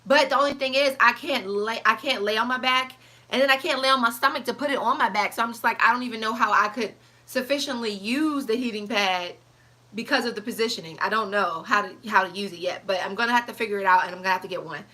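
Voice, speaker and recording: Young woman vlogger, casual chat to camera, bright tone, lively storyteller. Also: a little high, fast talker. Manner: animated storytelling, chatty, reads live comments.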